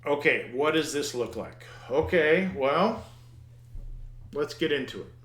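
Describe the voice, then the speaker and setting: A man's voice: on the high side, animated, a little slow, a bit bright, reverberant. A man teaching a programming lesson over his screen, thinking aloud, muttering at the code and restarting his words. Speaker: programming instructor. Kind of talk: screen-recorded coding lesson.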